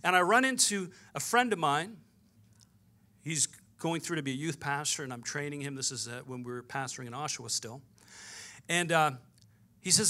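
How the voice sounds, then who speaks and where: A pastor preaching in a bright, forceful voice that sits a little high for a man. He tells his story through lively back-and-forth dialogue, acting out each exchange as he goes. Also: a little fast. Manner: storytelling with quoted dialogue, animated. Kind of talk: sermon.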